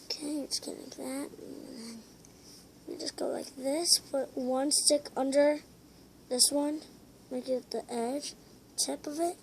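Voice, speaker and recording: A high-pitched woman talks slowly through a casual craft tutorial, rambling and hesitant between steps. She drops into whispered asides now and then. The recording is noisy, with a steady hiss behind her. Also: creaky. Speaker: tutorial maker.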